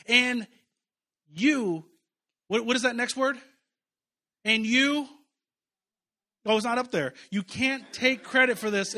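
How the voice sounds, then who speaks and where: A man's voice: high-pitched, bright, forceful tone. A man preaching as pastor, talking conversationally to his church and rising to fervent emphasis. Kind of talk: sermon.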